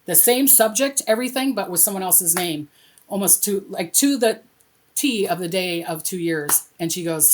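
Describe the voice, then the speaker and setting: A middle-aged woman, a spiritual reader, telling personal stories in a casual, animated way and acting out the voices of people she quotes. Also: normal speed. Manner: animated, acts out quoted dialogue with lively pitch jumps. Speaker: interview guest, spiritual reader. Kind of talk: casual conversational storytelling.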